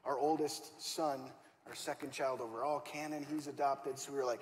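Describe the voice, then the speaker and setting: A man's voice: medium pitch, steady tone, moderate pace. A male pastor preaching a conversational, story-driven sermon and acting out the dialogue he quotes. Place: church auditorium. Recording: church hall reverb, faint room noise.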